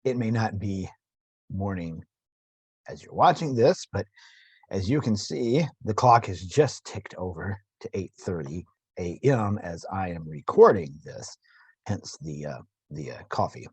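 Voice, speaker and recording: Man, gravelly morning voice, slightly husky, unhurried tutorial delivery, dry close sound. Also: deep voice, very animated, a little mellow, dry recording. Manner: halting, with fillers and restarts. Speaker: instructor. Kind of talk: screen-recorded tutorial.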